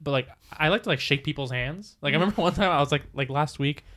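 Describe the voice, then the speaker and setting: Young male podcast co-host, fast and chatty, rambling delivery. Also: a little high, fairly bright tone. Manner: rambling, full of "like" and restarts. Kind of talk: casual chat.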